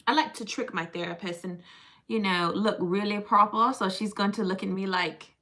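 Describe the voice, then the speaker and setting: A woman's voice: medium pitch, fairly even intonation, a little slow, long pauses, bright, forceful tone. Laughing, chatty woman streamer. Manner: chatty and playful, laughs often, teases viewers. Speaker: livestream host. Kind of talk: casual livestream chat with viewers.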